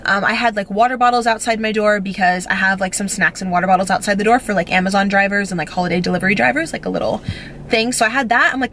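A woman's voice: mid-range voice, steady tone, quick pace, fairly bright tone, a little hiss or hum. A young woman vlogging from home, telling a story in a gushing, breathless way and close to tears, full of fillers. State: teary, on the verge of crying. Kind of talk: emotional storytime vlog.

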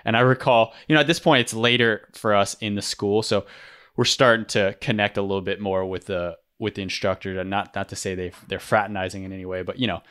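A man's voice: lowish voice, fairly even intonation, brisk, fairly bright tone, smooth. A man casually recounting a training story, rambling with many restarts. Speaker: former rescue swimmer guest.

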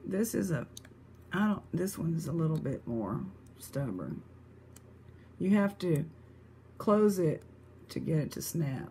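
Woman vlog host, unhurried, chatty, exclaims over finds, faint hum behind. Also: medium pitch, a little mellow. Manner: chatty, exclamatory, thinking aloud. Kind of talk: casual vlog chat showing thrift finds.

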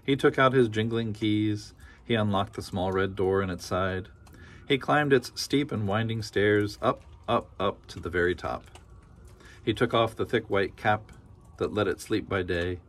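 A man reads a children's picture book aloud, his voice sitting on the low side. He tells the story gently and rhythmically, leaning into its repeated phrases. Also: measured pace. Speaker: storybook reader.

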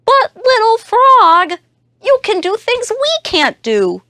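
A woman's voice: very high voice, huge pitch swings, takes it slowly, sharp tone, no room sound, studio quality, pitched above the performer's own voice, full character voice. A woman voicing a kind, comforting giraffe in a children's storybook recording. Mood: caring.

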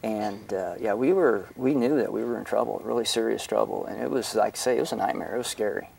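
A middle-aged man, a pastor and guest, telling an emotional personal story in an earnest, halting way with many restarts. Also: fairly low pitch, vocal fry, a little mellow, recorded from a distance, slight background noise.

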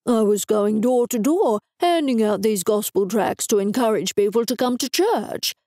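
A woman's voice: fairly high pitch, moderate pace, mellow, dry recording, studio quality, lightly acted. A woman voicing a timid, nervous young man. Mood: earnest.

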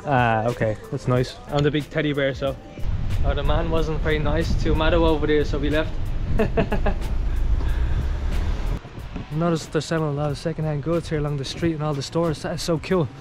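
Chatty guy vlogging while he walks down a street, kinda high voice, faint music behind. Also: steady tone, normal speed, pauses often. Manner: chatty, upbeat, talks to viewers as guys. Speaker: travel vlogger. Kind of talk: casual walking vlog. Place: outdoors on a town street with passing traffic.

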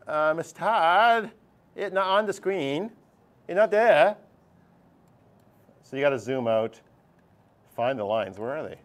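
A middle-aged male math teacher lectures his classroom in a bright, slightly high voice. He jokes as he goes and slips into playful impressions of his students. His delivery is quick and animated. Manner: lively, jokey, acts out student voices.

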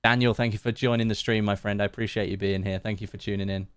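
A man with a lowish voice reads out his viewers' names and thanks each of them in a loose, chatty live-stream manner, laughing easily as he goes. The sound is dry and close, with little room echo. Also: little pitch movement, fast talker, clear, resonant tone. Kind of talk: casual live-stream chat while gaming.

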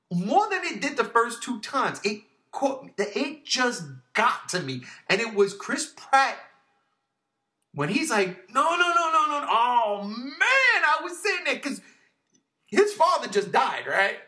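This podcast co-host reviews movies in an easygoing, animated way, cursing without restraint. He veers from hushed murmurs into loud outbursts.

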